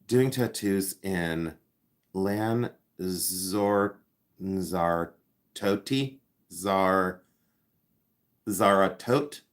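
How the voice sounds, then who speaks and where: A man's voice: mid-range voice, expressive, normal speed, fairly bright tone. A man in his fifties hosting a casual livestream, rambling and joking as he chats with viewers by name. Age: 50s. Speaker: livestream host and jewelry collector.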